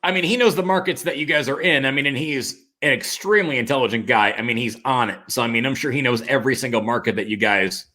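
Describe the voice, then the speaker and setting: A male podcast host with a bright, mid-pitched voice leads a casual interview. He talks loosely and conversationally, dropping in "I mean" and quick agreements.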